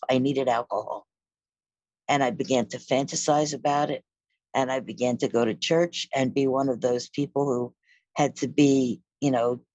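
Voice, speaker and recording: A middle-aged woman gives personal testimony about her addiction and recovery, candid and wry, acting out other people's lines along the way. Her voice is a rumbling low, a little mellow, with no echo.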